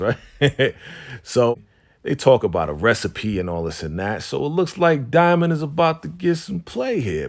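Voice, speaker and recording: A man talks through a TV episode in loose, slangy recap style. He laughs often and slips into quick impressions of the characters as he goes. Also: lowish voice. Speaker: recap host.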